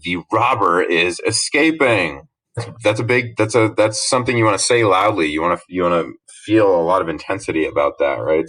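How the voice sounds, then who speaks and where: A man's voice: sits low, fairly bright tone, rough recording. A young man teaching grammar from slides in a casual, explaining way, often checking in with "right?". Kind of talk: recorded slide lesson narration.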